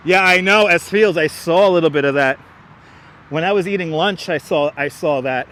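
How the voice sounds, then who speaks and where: Street-walk streamer: a talkative man who laughs a lot and has a high voice, on a clip-on mic. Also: expressive, fairly quick, a bit bright, slight background noise. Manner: chatty, reads out viewer comments, laughs often. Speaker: livestream host. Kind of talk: casual live-stream chat while walking. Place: outdoors on city streets, walking. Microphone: wireless clip-on mic.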